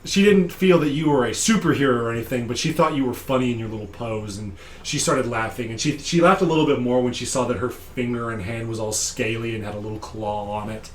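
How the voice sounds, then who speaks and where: A man with a deep voice casually recapping a tabletop game session as game master, digressive and laughing often. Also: fairly quick, few pauses, reverberant, slight background noise.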